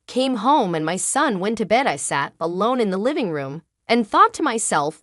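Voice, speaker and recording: Woman narrating a family drama, lively. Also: mid-range voice, moderate pace, dry recording, clean studio sound. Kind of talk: first-person drama storytelling.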